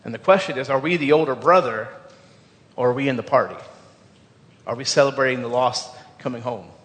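A man's voice: mid-range voice, a little fast, a bit bright. A man giving a sermon as a pastor, earnest, stumbling over repeated words and asking the congregation questions. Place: church sanctuary. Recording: long reverb of a church hall.

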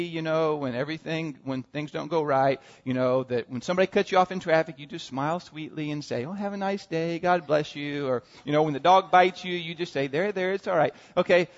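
An American man preaching in a church, telling humorous stories and turning often to the congregation with asides. His voice sits somewhat high for a man. The sound is dull and muffled, with a long hall reverb trailing each phrase. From United States. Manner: storytelling with humor, frequent asides to the audience. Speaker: pastor. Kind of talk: sermon.

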